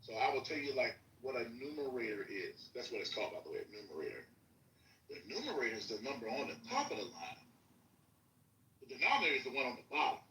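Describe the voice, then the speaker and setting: A man's voice: mid-range voice, big pitch swings, fast talker, bright, forceful tone, echoey room, distant mic, slight background noise, low-quality recording. A man addressed as Doctor arguing in a heated podcast debate, lecturing insistently and repeating his words.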